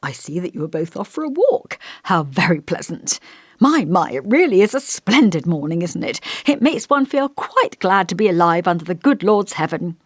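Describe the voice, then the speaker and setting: A woman reading an audiobook and voicing a kindly, hesitant male village vicar with a gentle, scholarly voice. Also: fairly low pitch, big pitch swings, normal speed, no echo, studio quality. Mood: genial. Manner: kindly, hesitant, over-polite. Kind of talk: audiobook character voice.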